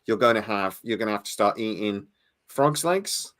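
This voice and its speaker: A man's voice: fairly low pitch, little pitch movement, fast talker, a bit bright. A tired man co-hosting a podcast, chatting casually and stammering as he rambles. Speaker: podcast co-host. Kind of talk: casual chat.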